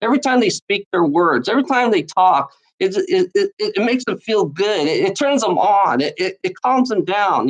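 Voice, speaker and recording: A man in the middle of an angry, profane rant to the camera. He stammers and restarts sentences again and again, and his pitch swings widely as he talks. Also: poor audio. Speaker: video maker.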